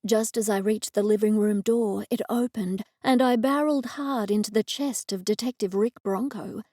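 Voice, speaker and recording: An Australian woman narrating a cozy mystery audiobook in the first person, measured and expressive. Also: mid-range voice, dry recording, clean studio sound.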